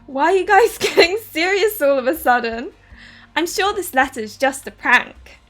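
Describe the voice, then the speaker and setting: A woman's voice: high voice, animated, moderate pace, a bit bright, faint music behind. Woman reading a bubbly, disbelieving young heroine. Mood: amused.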